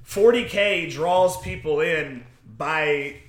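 A man's voice: a little high, slow, echoey room. A man in casual podcast chat, explaining at length with fillers and restarts. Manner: animated, rambling explainer with fillers.

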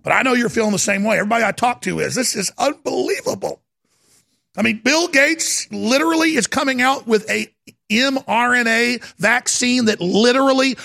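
Male talk host, bright and forceful, high-pitched fiery rant with lots of shouting and stammering. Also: gravelly. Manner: swings between yelling and low muttering. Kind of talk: ranting talk radio monologue.

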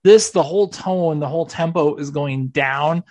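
A man's voice: fairly high pitch, moderate pace, a little mellow, no echo. A man hosting a sports radio podcast, explaining clips in a casual, mock-serious way. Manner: mock-serious, walks through audio clips. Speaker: podcast host.

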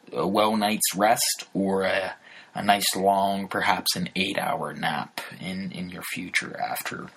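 Low husky-voiced man hosting a podcast. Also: fairly bright tone, rough recording. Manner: halting, many fillers and restarts. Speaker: podcast host. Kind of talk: casual unscripted commentary.

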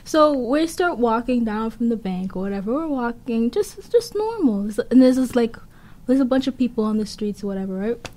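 High-voiced young woman telling a story. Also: big pitch swings, moderate pace, dark tone. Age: young adult. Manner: giggly, breaks into laughter mid-story. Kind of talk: casual chat.

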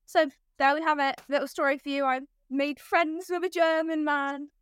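A woman's voice: high voice, steady tone, moderate pace, dry recording, studio quality. A young woman, co-hosting a casual podcast and telling a story with lots of giggles. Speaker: podcast co-host.

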